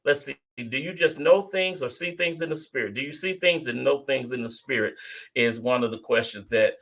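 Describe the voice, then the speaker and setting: A man's voice: medium pitch, moderate pace. A man hosting a casual talk show, prompting his grown children to tell their stories, often repeating and restarting his words. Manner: lively, repeats himself, draws stories out of guests. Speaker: host.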